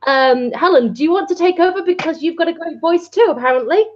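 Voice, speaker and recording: A chatty woman on a panel stream with a high, light voice, laughing easily as she talks. The sound is dull and lo-fi, like a remote call mic. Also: fast talker. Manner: chatty, apologetic, laughs often. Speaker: panel guest. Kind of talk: casual panel chat. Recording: muffled lo-fi stream audio.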